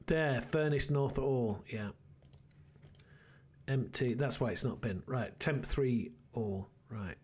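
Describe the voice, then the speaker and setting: A man's voice: mid-range voice, slow, a little mellow, slightly rough. A man hosting a let's play, muttering and thinking aloud as he plays, rambling with restarts. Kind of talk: casual gameplay commentary.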